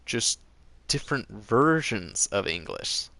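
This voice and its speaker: Man, gaming host. Unhurried, rambling play-along chatter, dry close sound. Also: lowish voice, big pitch swings, gravelly, sharp tone, no room sound. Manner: rambling, tangential, joking. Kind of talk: casual commentary while playing a game.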